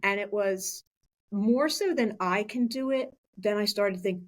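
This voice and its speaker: A woman's voice: mid-range voice, measured pace. A woman in her sixties, a school superintendent, talking in a chatty way with many restarts in a podcast interview. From Philadelphia area, USA.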